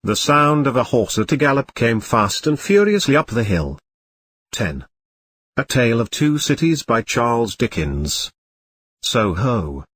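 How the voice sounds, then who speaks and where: Husky-voiced male audiobook narrator. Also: mid-range voice, very animated, a little slow, fairly bright tone, no echo. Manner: reads punctuation and chapter numbers aloud. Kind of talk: scripted audiobook reading.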